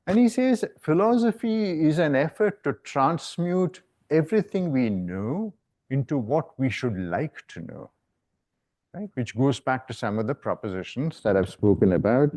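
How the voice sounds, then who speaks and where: A man's voice: mid-range voice, lively intonation, moderate pace, darkish tone. A man giving an academic lecture, a professor talking in a discursive way and often checking in with "right?". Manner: discursive, frequent "right?" tags. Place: lecture hall.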